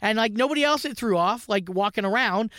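Brief: high, fast-talking man from Canada, casual podcast co-host, dry close sound. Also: lively intonation, a bit bright, no echo. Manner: rambling, restarts, swears freely. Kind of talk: casual chat.

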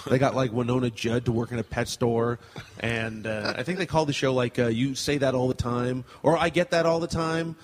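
A man's voice: mid-range voice, fairly even intonation, brisk, slight background noise. A man co-hosting a comedy podcast, chatting casually and rambling with many fillers. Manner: rambling, trails off, does celebrity impressions. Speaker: podcast co-host.

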